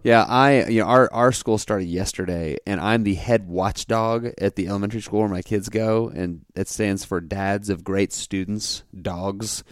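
A man in his thirties co-hosting a podcast, chatting playfully with quick interjections. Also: lowish voice, fairly even intonation, no room sound, clean studio sound. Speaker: podcast co-host. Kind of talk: casual chat.

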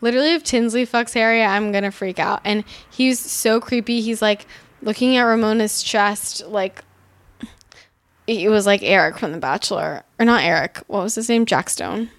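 A woman casually recapping a reality show, animated and exasperated, swearing freely and saying "like" constantly. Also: mid-range voice, normal speed. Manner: animated, swearing, heavy use of "like"; exasperated, sarcastic commentary. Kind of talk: casual chat.

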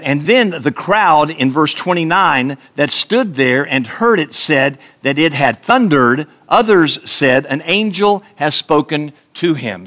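A man preaching an earnest radio sermon as a pastor, slowing down to stress key words. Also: a little high, a bit bright.

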